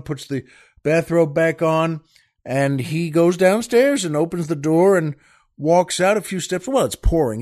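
An older man hosting a podcast, telling a long joke in a rambling, halting way with many restarts. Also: a little high, a little mellow. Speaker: podcast host.

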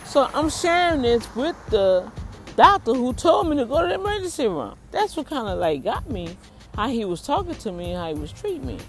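Woman chatting to her viewers outdoors, animated, plays out everyone in the story, faint music in back. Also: high voice, fairly quick. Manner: animated, acts out the people in her story, talks to the camera.

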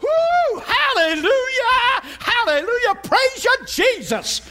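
A man voicing a jubilant young woman student who shouts praise at the top of her voice. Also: extremely high pitch, sing-song, slow, voice pushed up, heavily acted. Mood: ecstatic. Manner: shrieking, ecstatic.

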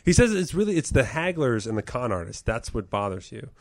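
A man co-hosting a comedy podcast, rambling casually with profanity, trailing off quietly. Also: medium pitch, big pitch swings, brisk, dry recording. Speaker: podcast co-host.

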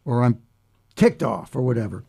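A man's voice: mid-range voice, animated, normal speed, vocal fry, mellow, breathy edge. An American man talking casually with friends, laughing often and restarting with many fillers. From United States. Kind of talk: casual chat.

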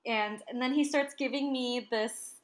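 Speaking unhurriedly in a higher register, this twentysomething woman recounts a story during casual chat. She swears without restraint, stays animated, and performs other people's lines as she quotes them.

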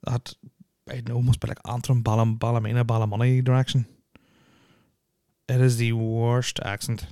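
A man's voice: mid-range voice, flat delivery, moderate pace, mellow, clean tone, no echo. A young Irish man hosting a casual podcast, rambling and swearing constantly, with lots of filler words on a close mic. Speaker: podcast host.

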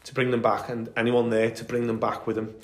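A man's voice: mid-range voice, monotone, a little fast. A man in the middle of his range recounts battles with eager, rambling enthusiasm, dotting his talk with ums. His voice rings a little in an echoey room. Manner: enthusiastic storytelling with many fillers. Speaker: podcast co-host. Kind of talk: casual history chat.

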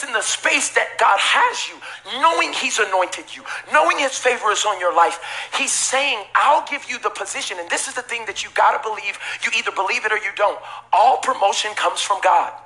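Pastor guy preaching to his church, bright forceful voice, says no no no a lot, shouts then jokes around. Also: extremely high pitch, normal speed. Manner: emphatic preaching with repetition and bursts of shouting; casual, joking asides to the congregation. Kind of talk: sermon. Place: church sanctuary before a live congregation.

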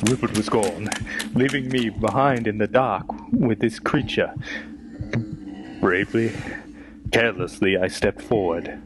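A man's voice: fairly low pitch, a little slow, long pauses, poor audio. A man telling a comic adventure story as a pompous, stammering explorer. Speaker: comedy podcast host. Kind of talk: comic first-person narration.

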